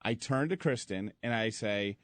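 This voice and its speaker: A man's voice: fairly low pitch, moderate pace, no echo. A man co-hosting a radio show, telling a story in a casual, rambling way with lots of fillers.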